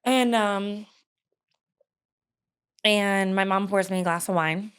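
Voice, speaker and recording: A woman's voice: mid-range voice, slow, a bit bright, clear, resonant tone. A woman in her thirties telling her personal story in an interview, candid and hesitant, with frequent fillers and laughs. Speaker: guest.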